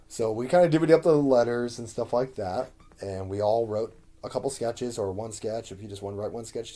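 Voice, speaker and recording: Guy reminiscing about old sketch shows, kinda low voice, lots of ums. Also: dark tone. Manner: meandering, many ums and uhs. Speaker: sketch comedy performer. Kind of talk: casual rambling recollection.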